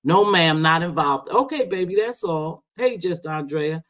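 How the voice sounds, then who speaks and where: A woman's voice: fairly low pitch, expressive, a little slow. Chatty woman hosting a live stream. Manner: chatty, swears, calls people sweetheart and baby. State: unwell after medication. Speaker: livestream host. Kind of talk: casual live chat.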